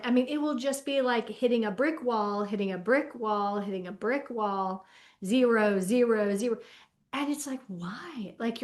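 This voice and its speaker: A woman's voice: fairly high pitch, a little mellow. A woman hosting a podcast conversation, emphatic and fond of repeating phrases for effect. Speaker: podcast host. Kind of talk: casual chat.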